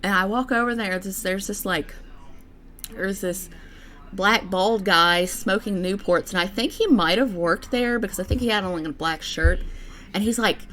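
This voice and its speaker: A woman's voice: mid-range voice, moderate pace, fairly bright tone. A young woman vlogging in a casual, rambling way, with many fillers and restarts. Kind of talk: casual personal chat to camera.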